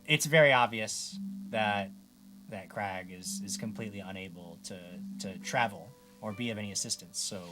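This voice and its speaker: A man's voice: on the low side, normal speed, music in the background. A man narrating as game master of a tabletop role-playing game, talking hesitantly with frequent restarts. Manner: hesitant, many restarts and ums.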